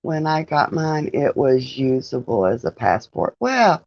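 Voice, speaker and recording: A woman hosts a relaxed livestream, greeting her viewers one by one and laughing easily as she chats. Her voice has a gravelly, creaky edge and she takes her time with each phrase. The audio is dry and a bit dull, like lo-fi stream sound. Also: low-pitched, takes it slowly, few pauses, no echo. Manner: chatty, greets viewers by name, laughs often. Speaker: livestream host. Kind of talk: casual live-stream chat with viewers.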